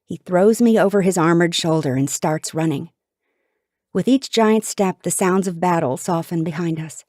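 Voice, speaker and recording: A woman's voice: lowish voice, a little mellow, no room sound, clean studio sound. A woman narrating an audiobook in the first person with an intense, dramatic delivery.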